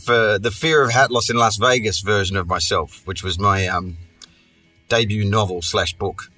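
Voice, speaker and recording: Bright-voiced sardonic man. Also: on the low side. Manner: profane, sardonic, rambling asides. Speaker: podcast host. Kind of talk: casual storytelling monologue.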